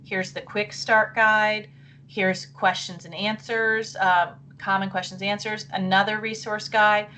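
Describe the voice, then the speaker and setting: A middle-aged woman leads a live online session for teachers over a computer mic. She talks in a chatty, apologetic way and thinks aloud as she clicks through. Her voice wavers, she keeps clearing her throat, and a faint hum sits behind her. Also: mid-range voice, level tone, measured pace, sharp tone. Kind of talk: live webinar presentation.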